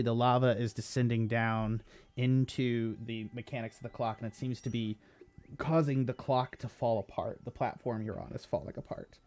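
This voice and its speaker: Man narrating as game master. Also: mid-range voice. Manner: hesitant, many fillers and self-corrections.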